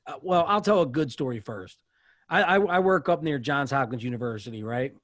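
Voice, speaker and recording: A man, a bartender telling stories on a podcast, animated and cursing freely. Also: mid-range voice, a little fast, no room sound, studio quality. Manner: animated storyteller, swears often. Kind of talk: casual podcast chat. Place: podcast studio.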